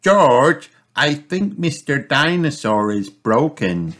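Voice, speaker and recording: A squeaky little girl piglet, cheerful and bossy, as a man puts her on while reading a children's storybook aloud. Her voice sits far higher than the reader's own and swings up and down a lot. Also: big pitch swings, slow, fairly bright tone, exaggerated voice. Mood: excited.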